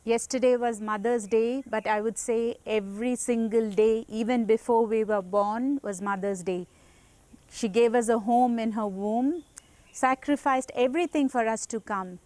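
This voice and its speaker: A woman's voice: a little high, a little mellow, no room sound. A woman giving an earnest, reverent devotional teaching talk as a spiritual teacher.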